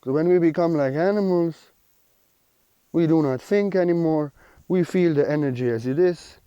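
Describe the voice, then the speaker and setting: A man's voice: a little high, normal speed, warm tone, clear, resonant tone, dry recording, lo-fi sound. A man giving a spiritual teaching monologue, earnest and repetitive, with slightly unidiomatic phrasing.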